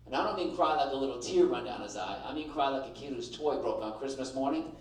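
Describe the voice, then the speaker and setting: A man's voice: mid-range voice, expressive, fast, far from the mic, a crowd in the background. Brash stand-up comic man, echoey room. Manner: brash, punchy delivery, acts out voices. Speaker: stand-up comedian. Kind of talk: stand-up comedy set. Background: audience laughter.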